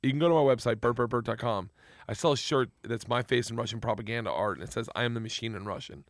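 A middle-aged man rambles through stories in casual podcast chat. His voice sits at an ordinary pitch and the sound is dry and close, and he breaks into loud laughter. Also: quick pace, no echo. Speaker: comedian guest.

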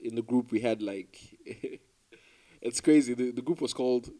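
Nigerian man with a mellow voice, chatting. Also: medium pitch, moderate pace. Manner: relaxed, rambling, many fillers and restarts, laughs often. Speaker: musician guest. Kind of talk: casual interview chat.

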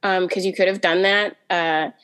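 A woman on a podcast panel in casual chat, talking in quick bursts with frequent restarts and fillers. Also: on the low side, steady tone, a bit bright, clear, resonant tone. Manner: talks fast in bursts with many restarts and fillers.

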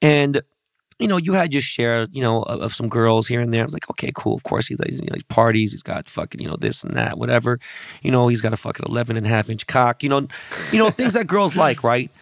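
A brash, profane man hosting a podcast, telling loose stories full of quoted voices. His voice has a gravelly fry at mid pitch. The sound is dry and close. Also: fast talker, no echo. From born and raised locally. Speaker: podcast host. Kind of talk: casual podcast chat.

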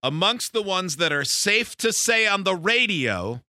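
A man's voice: sits high, big pitch swings, unhurried, pushed and bright, no echo, studio quality. A man hosting a radio show, running a party game with wry, joking banter.

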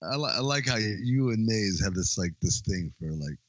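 A man with a lively, up-and-down voice jokes through a casual podcast chat and swears offhandedly. The recording is dry and close. His tone stays loose and animated. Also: fairly low pitch, moderate pace, no room sound, muffled recording. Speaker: podcast co-host.

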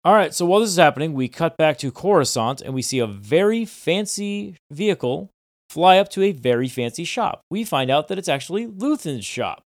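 Man, podcast co-host, casual recap, dry close mic, relaxed storytelling. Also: fairly high pitch, a little fast, no room sound. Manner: relaxed storytelling with filler words and quoted lines.

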